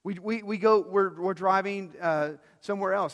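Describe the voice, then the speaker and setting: A middle-aged pastor delivering a sermon, swinging between quiet, intimate phrases and loud, emphatic ones, often repeating words as he builds a point. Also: high-pitched, moderate pace, few pauses. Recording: long reverb of a large hall.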